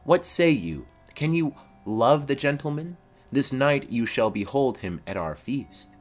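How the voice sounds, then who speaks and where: A man's voice: mid-range voice, very animated, measured pace, faint music behind, pitched above the performer's own voice. A man voicing a formal, commanding noblewoman mother in a dramatic reading of a play.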